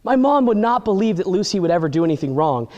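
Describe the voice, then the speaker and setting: A man telling an exaggerated comic story with animated, deadpan delivery. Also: high voice, fast, lo-fi sound. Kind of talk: comedic storytelling. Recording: long hall reverb.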